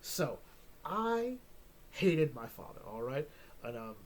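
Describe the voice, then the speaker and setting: A man's voice: medium pitch, very animated, takes it slowly, a little hiss or hum. A man hosting a casual comic book chat, joking and rambling, often tagging on "all right?". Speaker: comic book podcast host.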